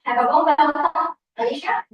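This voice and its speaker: A woman hosts a club meeting with formal, slightly halting introductions. Her voice is quite high and sits far from the mic, with an echoey room around it. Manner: formal, a bit halting announcements. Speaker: meeting host.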